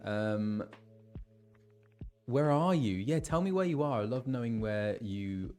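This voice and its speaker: A man's voice: medium pitch, expressive, takes it slowly, a little mellow, soft background music. A man who voices game characters, chatting casually with his live-stream viewers and reading out where they are from. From England.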